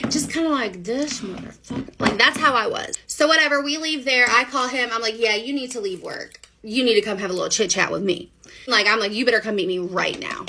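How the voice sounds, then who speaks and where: A woman telling her own story to the camera in a casual, animated, chatty way. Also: on the high side, moderate pace, slight background noise. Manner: animated, chatty, many fillers. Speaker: storyteller sharing a personal story.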